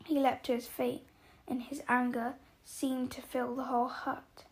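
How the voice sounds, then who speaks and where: A woman narrating a story aloud in a measured, expressive way. Her voice sits high and carries a noticeable vocal fry, and she takes her time over each phrase. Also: rough recording.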